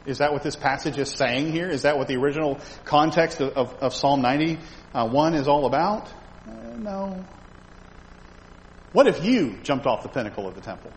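A man's voice: medium pitch, brisk. A man teaching a Bible lesson in a conversational way, asking his listeners questions as he points to slides. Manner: animated, conversational, asks the audience questions. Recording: reverberant hall with faint background noise.

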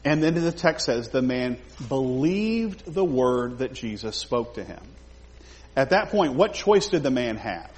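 Man, Bible study teacher; expressive pitch, acts out the quotes, recorded with a long hall echo. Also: measured pace. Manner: animated, acts out quoted lines in character.

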